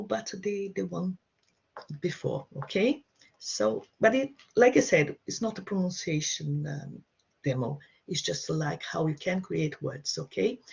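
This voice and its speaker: Woman, online teacher, slow and gravelly, dull video-call sound. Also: medium pitch, a little mellow. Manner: encouraging, slow and repetitive. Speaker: Portuguese teacher. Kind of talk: online language lesson.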